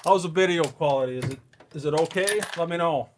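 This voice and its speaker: A man's voice: on the high side, fairly quick, noisy background. A man hosting a casual live stream from his reloading bench, chatting with viewers while he works with his hands.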